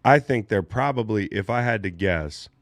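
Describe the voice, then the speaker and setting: A man hosting a casual studio chat, animated and joking, swearing freely. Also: on the low side, moderate pace, dry recording. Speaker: podcast host.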